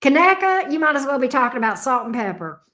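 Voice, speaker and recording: A woman's voice: sits high, big pitch swings, fast talker, bright, forceful tone. A Southern woman from Alabama hosting a live stream, chatting casually and rambling as she reacts to viewer comments. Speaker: tarot reader and live stream host.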